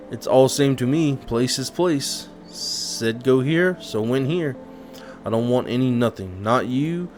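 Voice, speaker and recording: A man's voice: medium pitch, natural voice. A man voicing a strange, cat-obsessed visitor in a game who talks in clipped, broken, dismissive phrases. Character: odd cat-loving visitor, blunt and indifferent, broken speech.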